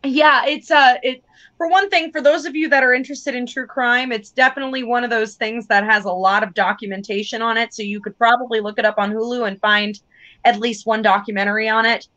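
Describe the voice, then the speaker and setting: A woman joins a casual livestream as a guest, her voice slightly high. She rambles, restarts and often loses her thread, with a lot of "like" in her talk. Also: steady tone, a little fast, sharp tone, muffled recording. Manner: rambling, loses her train of thought, says 'like' often.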